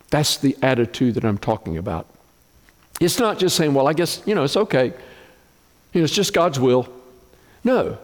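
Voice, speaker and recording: A man preaching a sermon as pastor, slow and emphatic, with dramatic swings in pitch. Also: big-room sound.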